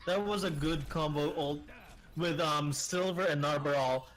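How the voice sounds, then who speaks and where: Filipino male esports co-caster, higher voice, casual and halting opinions. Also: fairly bright tone. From Philippines. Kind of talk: esports color commentary.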